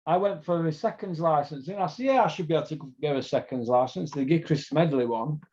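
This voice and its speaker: Middle-aged South Yorkshire podcast host, sweary, rambling storyteller, slightly high pitch, muffled lo-fi audio. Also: male voice, fairly quick, mellow. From Doncaster, England. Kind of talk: casual storytelling chat. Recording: dull lo-fi sound.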